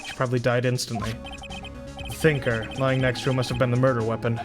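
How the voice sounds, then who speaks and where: Streamer guy reading game text out loud, swears a bit, game music behind. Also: medium pitch, level tone, fast talker. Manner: reads game text aloud with crude asides. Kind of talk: live gameplay reading and commentary.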